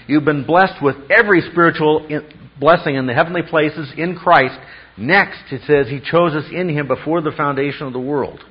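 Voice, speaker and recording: A man's voice: a little high, breathy edge. A man preaching an expository sermon as a pastor, teacherly, often checking in with rhetorical questions. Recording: dull lo-fi sound.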